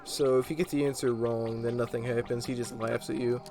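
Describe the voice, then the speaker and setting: A man casually commenting on his video game playthrough, relaxed and rambling with plenty of fillers. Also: medium pitch, brisk, background noise. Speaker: let's play host. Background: game music.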